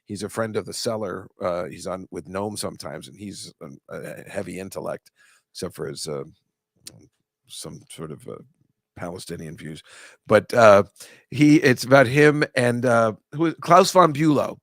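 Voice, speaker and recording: A man's voice: fairly low pitch, moderate pace, no room sound, studio quality. A man hosting a comedy talk show, rambling and chatty, often breaking off his own sentences to laugh. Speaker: comedian host. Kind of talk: casual chat.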